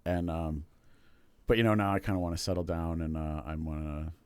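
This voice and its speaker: Rambly worn-out talking cat guy, a man putting him on, low voice, lots of ums. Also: a little fast, a little mellow, clean tone, dry recording, close to an everyday voice. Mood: rambling. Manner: rambling, full of fillers. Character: weary male talking cat, chatty.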